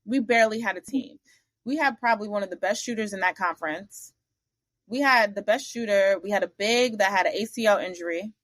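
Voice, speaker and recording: A woman guest on an interview podcast, telling lively stories about her career, acting out the voices of the people in them, with blunt, salty asides. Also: medium pitch, a little fast, no echo. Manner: animated, acts out the other people in her stories. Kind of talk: casual storytelling interview.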